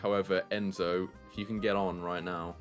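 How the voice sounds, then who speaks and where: A man hosting a game tournament with friends, commentating excitedly and laughing often. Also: low voice, normal speed, soft background music. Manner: animated, laughs often, shouts at big plays.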